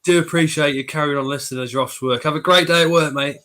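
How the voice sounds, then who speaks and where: Casual male streamer with a cold, bright and sharp voice, chatting and reading chat aloud. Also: fairly high pitch, fairly even intonation, quick pace. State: has a cold. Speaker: livestream host reading chat.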